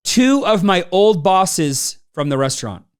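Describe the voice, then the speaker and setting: A man's voice: high voice, sing-song, unhurried, smooth. A man giving a motivational business talk to a live audience, telling personal stories and acting out the people in them. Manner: storytelling, acts out quoted people. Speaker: business trainer.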